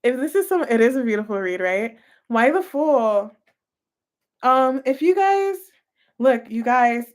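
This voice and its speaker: A woman's voice: fairly high pitch, sing-song, measured pace. A woman giving a casual tarot reading to camera, chatty and gushing, talking straight to her viewers. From United States. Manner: gushing, chatty, full of "like" and "you guys". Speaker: tarot reader.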